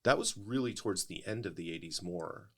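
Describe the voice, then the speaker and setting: A man's voice: lowish voice, lively intonation, fairly quick, fairly bright tone, husky. A middle-aged male pastor in a casual podcast conversation, explaining at length in a thoughtful way, often restarting his sentences.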